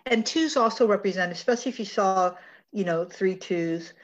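A woman's voice: medium pitch, normal speed, dull audio. A woman hosting a spiritual talk, speaking in an earnest, affirming way and often repeating phrases. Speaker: host, numerology speaker. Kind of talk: spiritual talk show chat.

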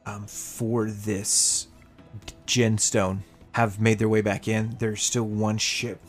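Give me a low-voiced man narrating as game master over faint music. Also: flat delivery, slow pace. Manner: laughs often, descriptive.

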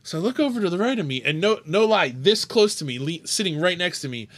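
A man co-hosting a casual chat, telling stories in an animated, excitable way. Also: sits high, fast. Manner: animated storyteller. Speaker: podcast co-host.

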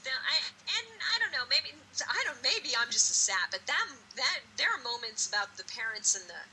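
Woman co-host, piercingly bright and a touch high, blunt and emphatic. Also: sing-song, fairly quick, slight background noise, poor audio. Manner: emphatic, blunt, swears freely. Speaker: podcast co-host. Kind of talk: casual chat.

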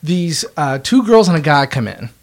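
Joking twenty-something man, slightly high voice, casual storyteller. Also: very animated, moderate pace. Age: 20s. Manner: joking storyteller, laughs often. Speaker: podcast co-host. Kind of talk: casual chat.

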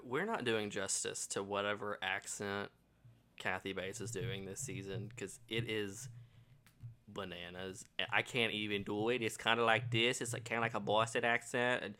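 A man co-hosting a casual podcast, trading teasing, sarcastic jabs with his co-host. His voice is bright and forward, and he laughs easily between remarks. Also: fairly low pitch, fairly even intonation, moderate pace, clean tone. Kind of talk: casual chat.

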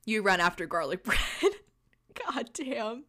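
A woman's voice: medium pitch, very animated, slow, pushed and bright. A young woman hosting a podcast, reading a silly fanfiction aloud with playful, laughing asides. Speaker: podcast host.

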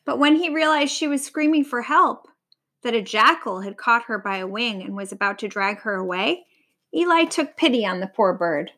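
A woman's voice: a little high, moderate pace. Woman reading a storybook aloud. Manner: expressive, lively reading.

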